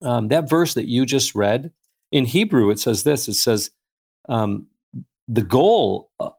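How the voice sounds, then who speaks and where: A man's voice: mid-range voice, expressive, measured pace, gravelly, a little mellow, husky. A man speaking as a guest in a casual faith-based conversation, rambling with many fillers and restarts as he tells stories. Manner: acts out voices in anecdotes.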